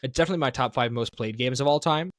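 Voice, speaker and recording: A man's voice: medium pitch, very fast, a bit bright, no echo. Rambling man in a dry podcast chat. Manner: rambling, self-correcting, thinks aloud. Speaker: podcast co-host. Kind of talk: casual podcast discussion.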